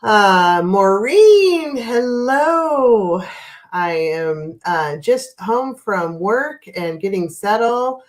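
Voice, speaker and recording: A woman's voice: fairly low pitch, slow, hardly any pauses. A woman in her fifties with a stuffy, congested nose, chatting casually as host of a live stream and greeting viewers by name with frequent laughs. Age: 50s. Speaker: livestream host.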